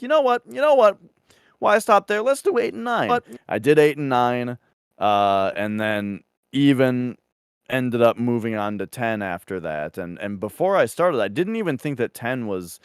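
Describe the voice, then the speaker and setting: A man co-hosting a podcast in casual chat, rambling with lots of fillers and animated asides. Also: on the low side, clean tone, dry recording, clean studio sound. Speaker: podcast co-host.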